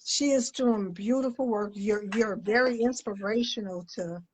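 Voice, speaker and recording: A woman's voice: medium pitch, normal speed, slight background noise, rough recording. A woman, the host's aunt, chatting casually and praising her niece, stumbling and repeating words as she goes. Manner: warm, proud, stumbles over words. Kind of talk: casual chat.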